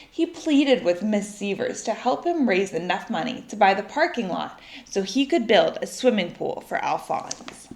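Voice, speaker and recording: A woman reading a children's story aloud in an expressive, lively way. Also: medium pitch, moderate pace, few pauses. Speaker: storybook reader. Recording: echoey room.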